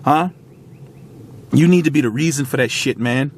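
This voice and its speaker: A man's voice: mid-range voice, normal speed, a little hiss or hum. A man in his thirties giving a raw, profane motivational monologue straight to the viewer, at times choked up. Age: 30s. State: tearful, choked up. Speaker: motivational vlogger. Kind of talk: emotional motivational monologue to camera.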